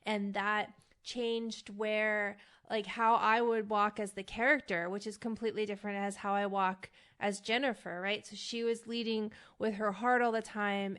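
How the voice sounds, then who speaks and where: A woman's voice: mid-range voice, a bit bright, clear, resonant tone. A woman host coaching actors in a casual teaching monologue, talking conversationally and often checking in with "right?". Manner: conversational, frequent "right?" check-ins, emphatic. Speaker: acting coach and podcast host.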